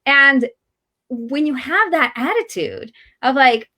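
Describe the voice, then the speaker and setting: A woman's voice: high-pitched, takes it slowly. A middle-aged woman, a marriage coach and guest, chatting casually and acting out the voices of people she quotes. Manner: animated, acts out quoted voices. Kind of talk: casual interview chat.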